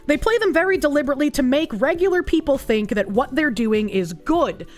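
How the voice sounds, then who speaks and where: A woman's voice: sits high, animated, brisk, soft background music. A woman streamer reading an article aloud and reacting to it in a blunt, sarcastic and profane way.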